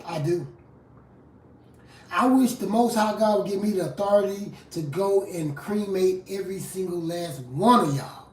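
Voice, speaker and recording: A fiery street preacher in a confrontational live sermon. The voice drops low for scripture, then bursts out loud. It is recorded from well back from the mic, in a room with a strong echo. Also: moderate pace. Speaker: street preacher and rap artist. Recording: roomy echo from a distant mic.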